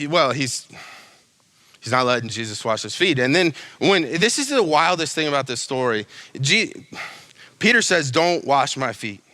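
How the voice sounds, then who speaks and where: A young man delivers a sermon in a bright, forceful voice that sits a little high for a man. His tone is casual and animated, full of slangy asides. The sound is close and dry, with no room echo. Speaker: pastor.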